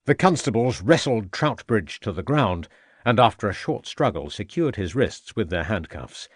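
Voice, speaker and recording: A man narrating an audiobook mystery in a steady storytelling manner. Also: on the low side, normal speed, slightly rough, dry recording, studio quality. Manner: steady storytelling with dialogue tags. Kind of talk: scripted narration.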